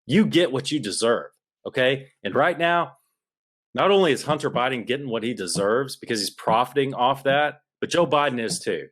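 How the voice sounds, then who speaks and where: A man on a podcast mic, getting more and more worked up as he rants. His pitch sits in an ordinary middle range. His talk is heated and insistent, with the sound of a studio microphone. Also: expressive, normal speed, fairly bright tone. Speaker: podcast co-host. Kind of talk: political podcast rant.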